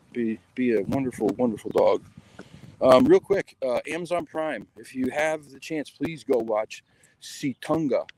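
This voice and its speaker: A man's voice: medium pitch, warm tone, slight background noise, poor audio. A man hosting a show, chatting casually and upbeat into a phone while walking his dog outdoors in the rain. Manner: rambling, upbeat. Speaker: show host. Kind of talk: casual vlog chat.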